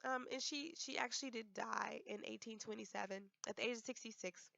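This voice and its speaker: Hoarse young woman, gravelly and halting. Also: fairly high pitch, bright, forceful tone, no room sound, highs cut off. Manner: hesitant, many fillers and restarts. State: hoarse, losing her voice. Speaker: student presenter. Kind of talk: class presentation.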